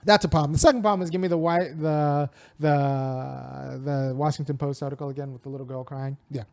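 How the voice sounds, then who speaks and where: A man's voice: medium pitch, fairly even intonation, brisk, creaky, darkish tone, no room sound. A man hosting a casual spoken commentary, talking in a digressive way with frequent restarts and wry laughs. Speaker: host and commentator.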